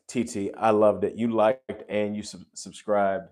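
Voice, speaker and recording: A man hosting a relaxed livestream, with a voice that sits a little on the low side. He gushes at his viewers and keeps breaking into sudden loud exclamations. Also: a little slow, hardly any pauses. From United States. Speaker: host. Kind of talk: casual livestream chat.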